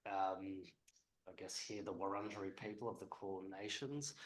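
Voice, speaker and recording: A man's voice: low-pitched, fairly even intonation, moderate pace, roomy sound, low-quality recording. A man speaking at a public event as a historian, conversational and hesitant with frequent ums.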